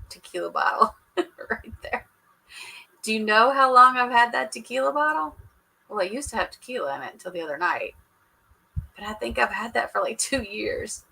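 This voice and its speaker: Woman, sassy livestream chatter, bright sharp tone, lots of laughing. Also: fairly high pitch, gravelly, rough recording. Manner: sassy, joking, laughs often, talks to chat. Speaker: livestream host recapping a reality show. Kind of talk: casual live chat with viewers.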